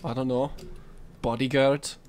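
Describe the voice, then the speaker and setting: A man voicing a blunt adventurer and bodyguard who talks gruffly, saying aye and lad. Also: mid-range voice, flat delivery, a little slow, a little hiss or hum, natural voice.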